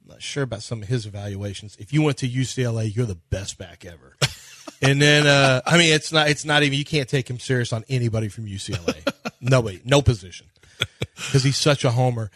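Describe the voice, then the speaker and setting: A man's voice: medium pitch, fairly quick, fairly bright tone, no room sound, clean studio sound. A man co-hosting a sports radio show, telling stories animatedly and quoting others' conversations. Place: radio studio. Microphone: studio microphone.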